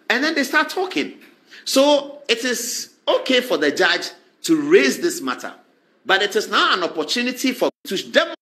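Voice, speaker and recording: A man with a Ghanaian accent giving animated political commentary, acting out quoted exchanges as he goes. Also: extremely high pitch, normal speed.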